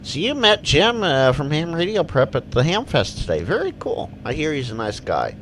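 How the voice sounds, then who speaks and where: A man's voice: on the high side, wildly swooping pitch, moderate pace, a bit bright, a little hiss or hum. A man hosting a casual live Q&A, rambling as he reads out viewer comments and answers them. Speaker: livestream Q&A host.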